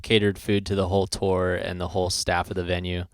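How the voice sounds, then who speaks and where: A man co-hosting a casual podcast, telling tour stories in an animated way and swearing freely. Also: low-pitched, brisk, smooth, no echo, clean studio sound. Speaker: podcast co-host, band member. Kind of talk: casual chat.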